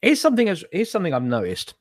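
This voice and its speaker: Chatty host, male: high-ish, wildly swinging voice, rambling and sweary, giggles at his own gags, dry close sound. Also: huge pitch swings, very fast, dry recording. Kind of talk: casual chat. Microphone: video call.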